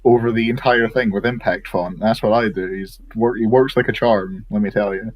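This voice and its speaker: Joking man, lowish voice, casual banter. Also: steady tone, moderate pace, dry recording, lo-fi sound. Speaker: guest co-host. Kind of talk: casual reaction chat.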